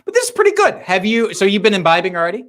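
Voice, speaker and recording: Man, podcast co-host, casual chat over drinks, animated, swearing, lively pitch. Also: racing. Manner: animated, joking and profane.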